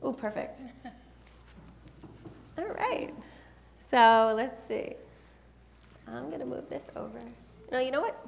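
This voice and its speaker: A woman's voice: high-pitched, expressive, slow pace, creaky, long pauses. A woman presenting a live workshop, teasing and directing volunteers in front of an audience. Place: event room with an audience.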